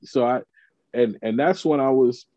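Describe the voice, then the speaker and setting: A man's voice: medium pitch, unhurried, dark tone, dry recording, dull audio. A man, a comedian and TV writer, telling a story in casual chat and acting out the quotes of the people in it.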